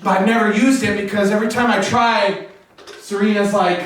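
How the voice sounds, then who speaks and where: A man's voice: high-pitched, a little fast. A man hosting a live variety show, joking with the audience, swearing freely and leading it in chants. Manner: playful, teasing, leads audience chants. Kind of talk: live stand-up crowd work. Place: live venue before an audience. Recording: echoey room from far off, faint noise.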